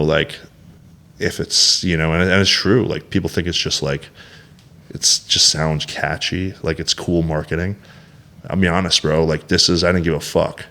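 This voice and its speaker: A man's voice: a bass voice, moderate pace, a bit bright. A man in his thirties, a podcast guest, talking candidly and bluntly with heavy swearing and many restarts. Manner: rambling with restarts and fillers.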